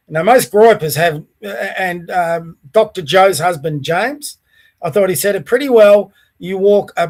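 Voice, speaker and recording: A middle-aged man with an Australian accent rants on his own podcast in a blunt, salty way. His voice sits high for a man, and he talks with plain, coarse bluntness. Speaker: podcast host. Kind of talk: ranting solo commentary.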